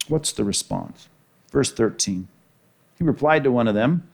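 A man preaching a sermon, reading scripture and acting out the characters' voices with lively energy. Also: medium pitch, normal speed, gravelly, long pauses. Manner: animated, acts out the characters' lines in the parable. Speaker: pastor.

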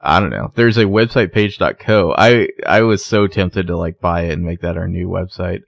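A man with a fairly low voice chats casually on a podcast, retelling a TV scene. He acts out each character's lines with animated delivery. The recording is dry and close. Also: normal speed, vocal fry, no echo, dull audio. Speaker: podcast co-host recapping a TV episode. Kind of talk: casual chat.

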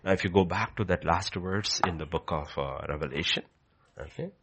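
A man gives an emphatic sermon at normal speed, repeating his main points and alternating between booming declarations and soft, low moments. Some faint background noise can be heard.

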